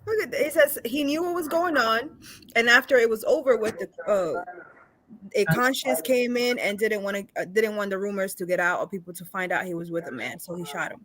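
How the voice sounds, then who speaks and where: A woman's voice: medium pitch, a little fast, a bit bright. A woman chatting on a call-in show, speaking hesitantly and trailing off mid-thought. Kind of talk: casual call-in show talk.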